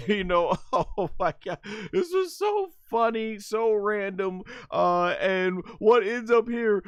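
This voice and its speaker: An excitable man talks through an anime episode for his stream, laughing often and acting out the characters' shouts. His voice sits a bit high, and the recording is dry and close. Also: moderate pace, no room sound. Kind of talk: excited commentary on a livestream.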